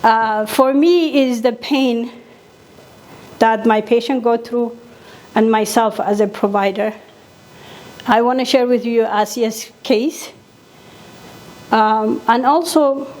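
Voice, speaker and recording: A woman's voice: fairly high pitch, takes it slowly, long pauses, darkish tone, slight background noise. A middle-aged woman physician from Somalia, giving an impassioned conference talk and repeating key points for weight.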